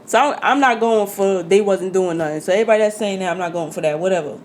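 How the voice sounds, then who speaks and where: A woman from Jersey City hosting a podcast in casual chat, telling stories in a profane, animated way. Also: mid-range voice, quick pace, a little hiss or hum. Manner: storytelling, profane, animated retelling. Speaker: podcast host.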